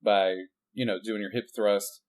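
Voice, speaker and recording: Low-voiced laid-back podcast man. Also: steady tone, measured pace, darkish tone. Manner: laid-back, asks questions and explains martial arts moves step by step. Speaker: podcast co-host. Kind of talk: casual chat.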